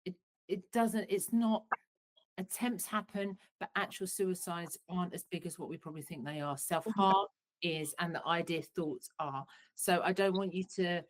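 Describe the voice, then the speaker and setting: A woman's voice: fairly low pitch, normal speed, low-quality recording. A middle-aged woman psychotherapist, giving earnest, practical advice in an online workshop, often restarting her sentences.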